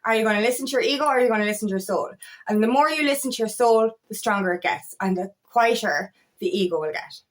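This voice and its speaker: A woman's voice: a little high, fast. A woman life coach talking in a motivational vlog, emphatic and blunt, swearing often and acting out her inner voices. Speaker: empowerment coach.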